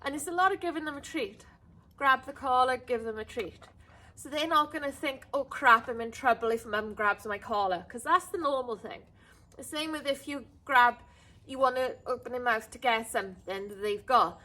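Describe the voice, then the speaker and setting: High-voiced woman teaching dog training. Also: normal speed. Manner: explains calmly, then calls the dog in high sing-song bursts. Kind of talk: outdoor dog training lesson.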